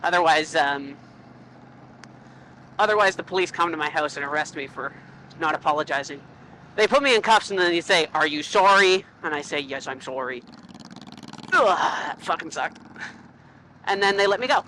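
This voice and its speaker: Talking through a helmet mic on a country road ride, this motorcycle vlogger from Canada keeps up joking, profane, rambling commentary. She has a low pitch, normal speed, frequent pauses, and a slightly bright tone, and the rough recording carries slight background noise.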